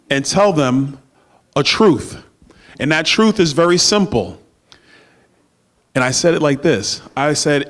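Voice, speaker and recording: A middle-aged man giving a campaign stump speech at a dinner, with emphatic oratory and playful banter with the crowd. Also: fairly high pitch. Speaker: political speaker at a party dinner. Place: banquet room. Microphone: handheld microphone.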